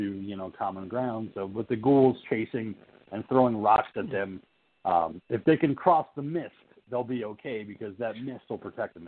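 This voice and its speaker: Husky man ranting about a movie. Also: fairly low pitch. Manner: animated, swearing, mocking characters in silly voices. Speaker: podcast co-host. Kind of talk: casual film discussion. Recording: tinny phone-like audio.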